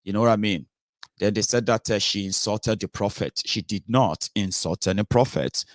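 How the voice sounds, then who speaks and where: A Nigerian-accented man delivers a fervent commentary monologue in a low-pitched voice. He is emphatic and leans on rhetorical questions, with frequent filler sounds between points. The recording is dry, with no room echo. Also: moderate pace. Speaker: political commentary host.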